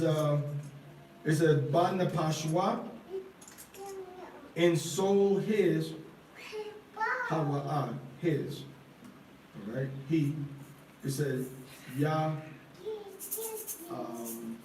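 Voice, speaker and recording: Man, Bible study teacher, slow and deliberate, repeats questions, roomy distant recording, faint ambience. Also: on the high side, darkish tone, a little hiss or hum. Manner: slow and deliberate, asks the audience repeated questions, sounds out Hebrew words. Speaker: scripture teacher.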